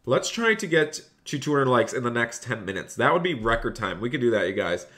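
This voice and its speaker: A man's voice: mid-range voice, very animated, fairly quick, fairly bright tone. Upbeat young man doing salesman patter. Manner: reads and thanks chat between lines. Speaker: streamer playing a phone store clerk. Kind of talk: live-streamed game role-play.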